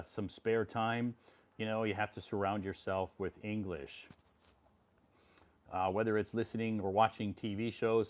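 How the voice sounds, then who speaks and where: A middle-aged man from the United States chats casually to viewers of his live stream. His voice sits a little low, and his talk is relaxed and encouraging, often repeating a phrase for emphasis and stopping to answer comments. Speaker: English teacher hosting a live stream.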